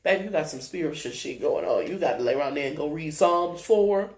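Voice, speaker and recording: A woman's voice: low voice, fairly quick. A woman giving a live-stream tarot reading in a blunt, profane manner, with laughing asides and lots of "right?" checks. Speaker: tarot reader. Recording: roomy echo.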